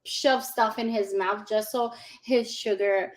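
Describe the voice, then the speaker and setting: A woman in her forties, a guest in a casual interview, telling her story in an animated way, laughing often and acting out what people said. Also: medium pitch, slow. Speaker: guest giving a testimonial.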